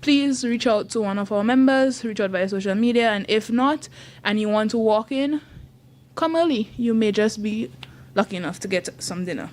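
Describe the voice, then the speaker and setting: At a normal speed, a woman with a mid-range, slightly mellow voice chats on air from a radio studio. A youth group leader, she's cheerful and laughs often while casually plugging an event.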